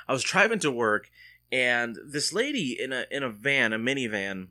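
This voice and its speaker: A man's voice: medium pitch, animated, normal speed, bright, forceful tone. A man hosting a solo podcast from home, chatting casually in a rambling, joking way with frequent restarts. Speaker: podcast host.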